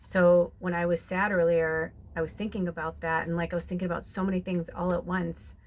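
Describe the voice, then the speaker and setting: Low-voiced rambling woman medium. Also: little pitch movement, brisk. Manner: rambling, with many "like" and "you know". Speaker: spiritual medium doing a card reading. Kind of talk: casual, emotional personal talk and guided meditation.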